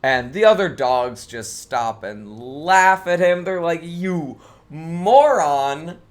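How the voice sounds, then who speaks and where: A man, a streamer, telling an improvised bedtime story in a relaxed, rambling way, restarting phrases as he goes. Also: medium pitch, slow pace.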